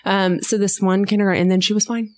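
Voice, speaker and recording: A woman being interviewed on a podcast, telling a personal story with lively energy and acting out the voices of people she quotes. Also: medium pitch, fast. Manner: animated storyteller who acts out quoted voices. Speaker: guest, school board member.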